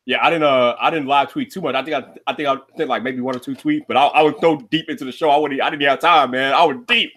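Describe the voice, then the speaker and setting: A man's voice: medium pitch, steady tone, quick pace, hardly any pauses, fairly bright tone. Casual slangy man hosting a livestream. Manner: casual, laughs often, slangy. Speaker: livestream host. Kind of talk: casual chat.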